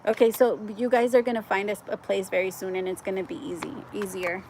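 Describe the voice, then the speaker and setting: A woman's voice: mid-range voice, fast talker, background noise. A woman giving a live-streamed tarot reading, chatty and effusive, with lots of "like" and frequent laughs. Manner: gets excited and loud at good news. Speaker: tarot reader.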